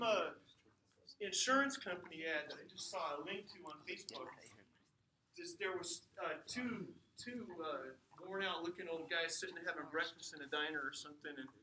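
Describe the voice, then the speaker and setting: A man giving an informal lecture, telling stories with jokes and asides in an animated way. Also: fairly high pitch, recorded from a distance, slight background noise. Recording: echoey room, mic from afar.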